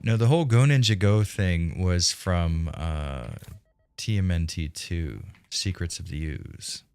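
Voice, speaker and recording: Very low-voiced cocky male streamer. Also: slow, darkish tone, clear, resonant tone, no echo. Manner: profane, cocky trash talk at game enemies; drops to a low whisper when sneaking. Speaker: streamer playing a shooter game. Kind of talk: casual live-stream commentary.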